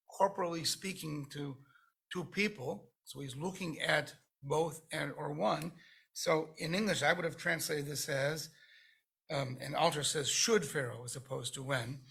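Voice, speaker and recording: A man taking part in a text-study class over a video call, making his points deliberately and reading translations slowly and emphatically. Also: fairly high pitch, vocal fry, fairly bright tone, husky. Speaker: class participant.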